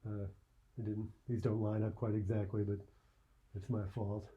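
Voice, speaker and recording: A man with a fairly low, dark and mellow voice teaches a poetry lesson. He talks it through loosely, thinking aloud with frequent "uh"s and checking in with "right?" as he goes. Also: little pitch movement, moderate pace, breathy edge, highs cut off. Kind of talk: explaining a poem at a whiteboard.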